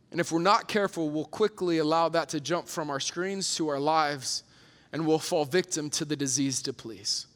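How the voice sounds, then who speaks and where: A man's voice: high voice, a bit bright. A young man preaching a sermon in an earnest storytelling way, with many restarts and fillers. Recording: long reverb of a hall.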